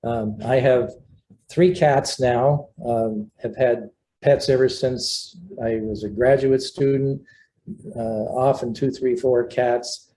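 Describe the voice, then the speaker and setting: An older man, a research scientist and mentor, telling anecdotes at home in a relaxed, halting interview manner. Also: medium pitch, a little hiss or hum, rough recording. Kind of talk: casual storytelling interview.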